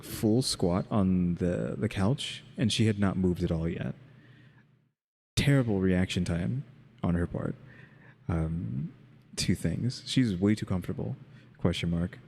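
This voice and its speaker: A man's voice: on the low side, mellow, husky, long reverb tail. A man co-hosting a reaction video in casual chat, rambling and wry, often saying "question mark" aloud. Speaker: reaction channel co-host.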